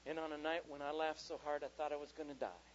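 A man telling an animated stand-up story about raising his daughters, switching into character voices. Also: a little high, fast talker. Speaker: comedian. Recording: dull lo-fi live recording with faint noise.

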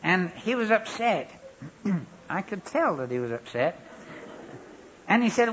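Guy preaching, wry funny storytelling, high husky voice. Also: very animated, a little slow, pauses often, a bit bright. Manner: wry humorous anecdotal delivery. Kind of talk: sermon with storytelling. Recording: dull lo-fi recording.

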